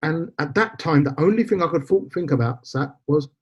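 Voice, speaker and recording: Husky man in his forties. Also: on the high side, expressive, brisk. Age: 40s. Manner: recounts events with quoted dialogue, slips in Punjabi phrases. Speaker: podcast guest. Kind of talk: emotional personal storytelling. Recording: slightly dull lo-fi podcast audio.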